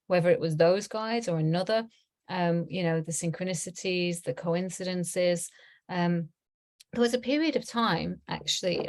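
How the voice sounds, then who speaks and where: A woman's voice: on the low side, a little mellow. A middle-aged woman teaching a small online group in a casual, rambling way, with lots of ums and little laughs. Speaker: tarot teacher.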